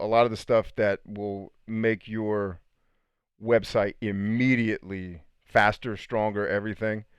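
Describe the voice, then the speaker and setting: Laid-back man with low voice. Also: smooth, no echo. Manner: laid-back, storytelling, reading viewer comments aloud. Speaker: host. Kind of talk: casual live stream chat.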